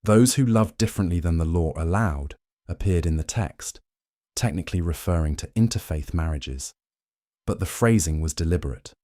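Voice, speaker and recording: A man narrates a sleep history story in a calm, measured way. His voice sits low and warm, with a dark, soft tone. The recording is close and dry, with no room sound. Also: dry recording. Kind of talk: scripted second-person bedtime history narration.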